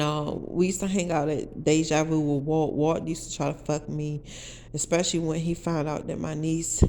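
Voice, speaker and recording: A woman's voice: on the low side, creaky, darkish tone, slight background noise. A woman, telling her own story to viewers in a blunt, profane, fiercely emphatic way. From Washington DC area.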